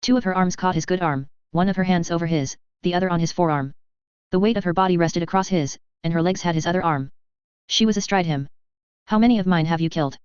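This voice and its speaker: Brisk, crisp woman narrator. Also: on the low side, no echo, muffled recording. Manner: brisk, steady reading. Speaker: audiobook narrator. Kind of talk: scripted narration.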